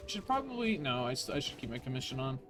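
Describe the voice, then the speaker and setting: A man's voice: mid-range voice, very animated, quick pace, music in the background. A man streaming a video game, ranting in casual, profane commentary.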